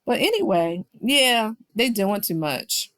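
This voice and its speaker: A woman's voice: medium pitch, sing-song, slow, fairly bright tone, dry recording. A woman recapping a reality show in casual commentary, talking straight to her viewers and quoting people with playful shifts of voice. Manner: chatty, quotes people with playful voice swings.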